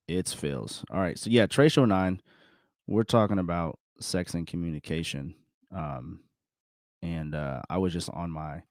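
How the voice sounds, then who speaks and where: A man's voice: low voice, a little mellow, dry recording, studio quality. A middle-aged man talking casually to his viewers on his own, rambling and correcting himself, chuckling often. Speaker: vlogger. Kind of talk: casual solo self-reflection talk.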